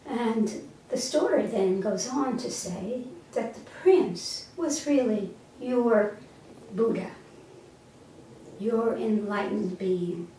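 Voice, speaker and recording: A woman telling a parable slowly and gently and then reflecting on its spiritual meaning, with a few small stumbles, recorded from a distance in an echoey room. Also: on the high side, expressive, slight background noise. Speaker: storyteller and teacher. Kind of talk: slow storytelling and spiritual teaching. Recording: echoey room, mic far off.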